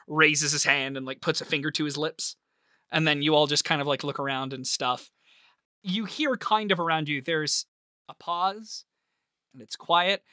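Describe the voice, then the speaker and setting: Man, game master, casual rambling narration, bright voice, dry sound. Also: a little high, no echo. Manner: casual, rambling, full of "like" and laughter.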